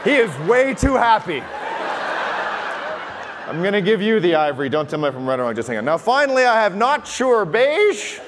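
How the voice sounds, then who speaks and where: A man's voice: fairly high pitch, sing-song, brisk, long pauses. A man with a Canadian accent performing a comedy magic act on stage, teasing the audience with playful crowd work. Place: large hotel conference hall. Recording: live hall with long reverb, faint room noise.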